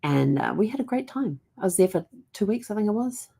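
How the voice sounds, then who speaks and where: This middle-aged New Zealander, a genealogy vlogger, talks through family stories in a relaxed way, laughing now and then. Her mid-range voice is very animated and a bit fast, warm with a breathy edge and vocal fry.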